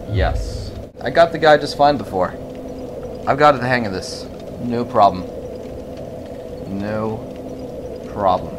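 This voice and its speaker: This gaming commentator speaks slowly with long pauses, background noise audible, as he swears constantly through gameplay. He mutters to talk himself down, then bursts out screaming in rage.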